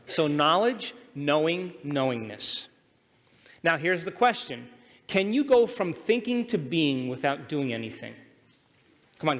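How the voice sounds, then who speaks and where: A man's voice: a little high, a bit bright. Emphatic male seminar speaker in a hall. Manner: emphatic, questions the audience often. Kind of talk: motivational lecture to a live audience. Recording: long hall reverb.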